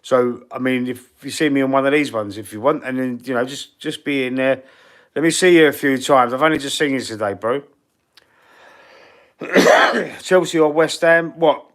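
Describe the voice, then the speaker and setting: A man from East London with a Cockney accent and husky, wheezy breathing, hosting a casual live-stream Q&A in a blunt, slangy way. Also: mid-range voice, normal speed, pauses often, fairly bright tone. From East London, England. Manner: blunt, slangy and chatty, calling viewers bro and mate. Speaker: fan channel live streamer.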